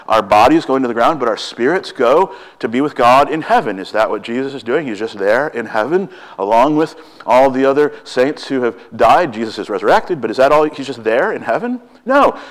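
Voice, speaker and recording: In a mid-range voice, a man preaches with quick, excited delivery. He keeps asking his audience rhetorical questions.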